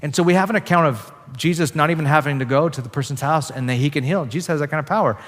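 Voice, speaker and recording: A man's voice: fairly high pitch, quick pace, big-room sound. A man preaching a sermon as pastor, in a casual, conversational way with frequent "like" fillers.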